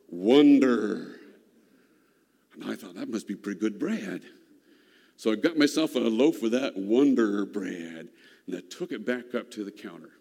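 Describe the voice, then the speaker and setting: A man telling a personal childhood story in an unhurried, folksy, reflective way, heard in a reverberant hall. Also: medium pitch, dark tone.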